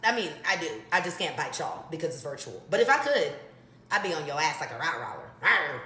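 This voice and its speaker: A woman telling a funny story to her viewers in a casual, animated way. She swears freely and talks straight to the audience. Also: sits low, fast. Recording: echoey room.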